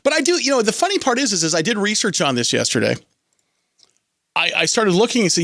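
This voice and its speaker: A male talk radio host commenting in a studio, talking in halting bursts with many repeated words and restarts. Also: high voice, very animated, a bit bright, no echo. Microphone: studio microphone.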